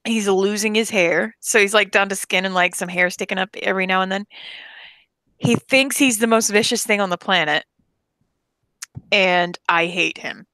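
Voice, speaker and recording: A woman's voice: mid-range voice, moderate pace, pushed and bright, smooth, no echo. A woman chatting casually on a livestream, rambling with lots of fillers. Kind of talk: casual chat.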